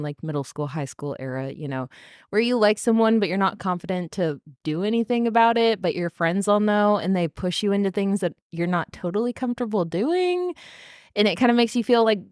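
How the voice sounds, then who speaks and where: A woman's voice: mid-range voice, clean tone, no echo, clean studio sound. A young woman co-hosting a book podcast in casual chat, laughing often and acting out characters' lines. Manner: giggly, acts out characters in quoted voices. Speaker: podcast co-host.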